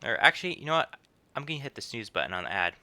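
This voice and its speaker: A man's voice: mid-range voice, sing-song, very fast, bright, forceful tone. A man casually commenting on a game he streams live, rambling with laughing asides into a close mic.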